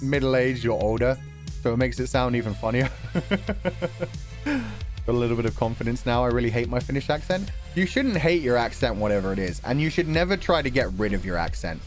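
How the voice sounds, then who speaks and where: A young British man hosting a relaxed stream chat, reading viewer donations, laughing often and swearing casually. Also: mid-range voice. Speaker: streamer host.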